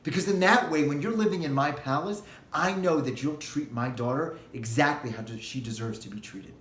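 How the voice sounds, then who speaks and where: A man voicing a tender royal father, speaking soft and low, calm and protective. The voice drops below the speaker's own and is warm with care. An echoey room surrounds it. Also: fairly quick, a little hiss or hum, natural voice. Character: aging king, gentle and reassuring father.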